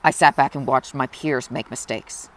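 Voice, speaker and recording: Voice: medium pitch, fairly even intonation, moderate pace. Earnest, confessional young vlogger. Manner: earnest, open and reflective; emotional, close to tears at times. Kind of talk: confessional personal vlog.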